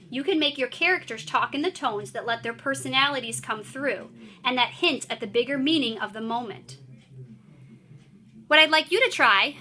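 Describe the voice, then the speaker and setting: Bright-voiced woman teaching writing. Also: high voice. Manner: clear, encouraging, explanatory. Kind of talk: classroom mini-lesson.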